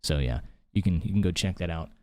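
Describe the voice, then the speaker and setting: A man's voice: low voice, fast, mellow. A man hosting his own podcast from a home office, rambling heatedly and swearing a lot. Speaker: podcast host. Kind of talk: casual solo podcast rant.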